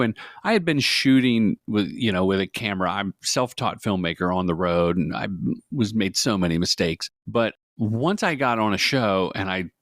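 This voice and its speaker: A middle-aged man telling stories as a guest in an interview, animated, jokey and self-deprecating. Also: fairly low pitch, no room sound, clean studio sound. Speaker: guest, commercial director. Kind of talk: casual interview storytelling.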